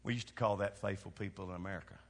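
A man from Kentucky with a Southern accent, a pastor preaching a sermon that swings from hushed lows to shouted exhortation. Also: steady tone, racing, vocal fry. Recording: long hall reverb.

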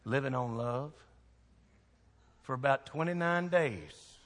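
A man's voice: fairly high pitch, expressive, moderate pace, fairly bright tone, long reverb tail. A man, a pastor preaching a sermon with folksy, emphatic storytelling.

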